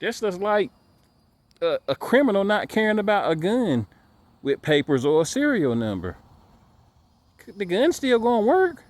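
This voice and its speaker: A man's voice: high voice, sing-song, normal speed, long pauses, a little mellow, dry recording. A man giving a casual ranting monologue to camera, emphatic and repetitive, stumbling over repeated words. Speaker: dog breeder vlogger.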